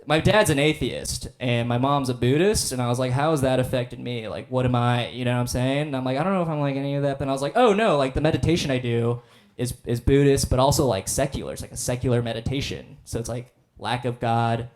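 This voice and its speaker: A man's voice: mid-range voice, fast talker. A young man performing a stand-up comedy set on stage, with a laid-back, self-deprecating delivery full of fillers. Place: comedy stage before a live audience.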